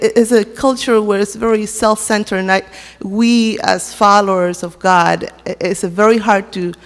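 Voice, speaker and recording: Woman w sharing a heartfelt church testimony, lots of restarts, big echoey church. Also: medium pitch. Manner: halting, heartfelt, many restarts. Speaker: church member giving a tribute. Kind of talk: personal testimony at a memorial service. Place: church sanctuary.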